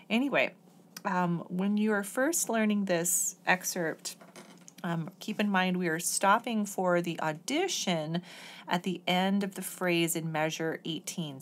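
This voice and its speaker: A woman's voice: lowish voice, a little hiss or hum. A woman oboe professor explaining an etude step by step in a patient, methodical lesson. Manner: patient, methodical, sings rhythms on syllables.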